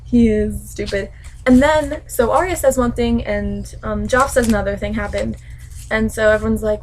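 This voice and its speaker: A woman's voice: fairly high pitch, fairly even intonation, moderate pace, a little hiss or hum, rough recording. A young woman at home, ranting and gushing as she recaps a book chapter in a casual vlog.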